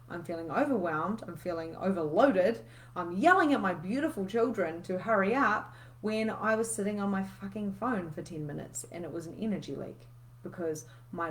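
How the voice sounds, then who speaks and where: A woman, coaching in a casual, candid live session where she swears freely and reads out viewer comments. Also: lowish voice.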